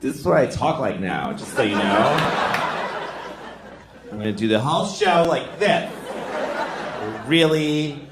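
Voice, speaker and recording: A man's voice: mid-range voice, sing-song, measured pace, pauses often, very noisy. A man, doing a stand-up comedy set in a wry, crude, conversational way. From Boston, USA. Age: 40s. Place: comedy venue with live audience. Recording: echoey room, loud crowd laughter.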